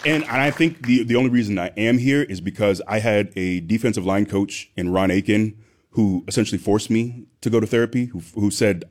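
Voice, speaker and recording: A man's voice: lowish voice, a little fast, a faint crowd. Earnest man speaking candidly as a guest. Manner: earnest, with frequent restarts. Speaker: guest, former athlete. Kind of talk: candid interview answers.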